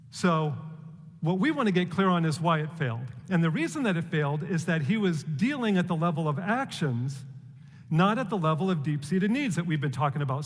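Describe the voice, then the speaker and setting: A man giving a prepared public talk, measured and deliberate, asking rhetorical questions. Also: fairly high pitch, long reverb tail.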